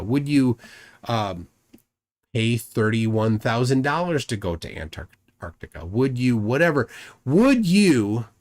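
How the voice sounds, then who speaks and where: A man hosting a livestream, rambling through commentary and reading chat comments aloud, often repeating words as he goes. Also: medium pitch. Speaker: livestream host.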